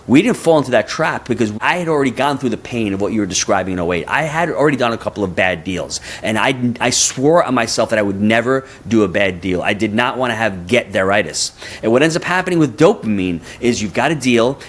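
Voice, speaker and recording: A man in his fifties, a guest on a podcast interview, talking energetically and often repeating words as he builds a point. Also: mid-range voice. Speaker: guest, real estate investor.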